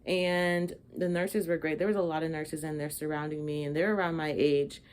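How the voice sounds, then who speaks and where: A woman's voice: sits low, steady tone, normal speed, darkish tone, smooth. A young woman vlogger telling a casual storytime, chatty, full of fillers and "like".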